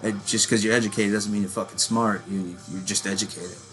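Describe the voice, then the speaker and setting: A man's voice: lowish voice, fairly even intonation, brisk, a bit bright, faint music behind. A man in his thirties ranting casually about metal bands, profane and rambling, calling himself a working-class hillbilly. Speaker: metal channel host. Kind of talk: casual rant.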